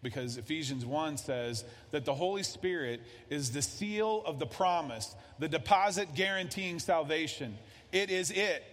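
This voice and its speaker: A man's voice: on the high side, lively intonation, measured pace, hardly any pauses, long reverb tail. A man preaching a conversational sermon as a pastor, often acting out little dialogues.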